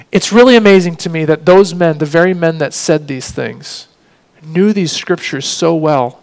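Earnest preacher, high voice. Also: male voice, rough recording. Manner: earnest, reads scripture slowly and emphatically. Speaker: pastor. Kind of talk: sermon.

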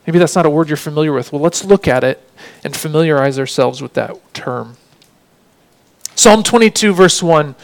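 High-voiced man preaching a sermon. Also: normal speed, creaky. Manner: earnest, asks rhetorical questions.

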